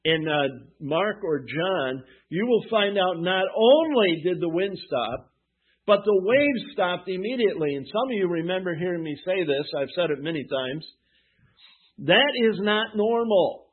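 A pastor preaching a sermon who asks the congregation questions and answers them himself. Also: male voice, high voice, expressive, normal speed, husky. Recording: tinny phone-like sound.

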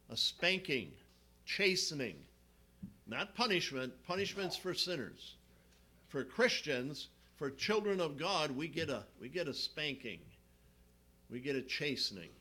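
Slow, bright-voiced male pastor preaching. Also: fairly high pitch. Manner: teaching with slides, questions to the congregation. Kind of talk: sermon.

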